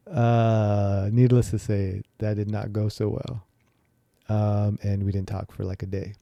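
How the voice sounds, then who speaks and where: A man's voice: on the low side, vocal fry, mellow, no room sound, studio quality. A young man hosting a podcast, candidly telling a personal story in a rambling way, with many fillers and restarts. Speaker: podcast host.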